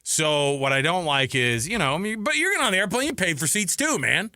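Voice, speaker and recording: A male sports radio co-host with a fairly high, bright voice chats casually about sports, animated and laughing. His storytelling swoops up and down, delivered briskly and close on a dry studio mic with no room sound.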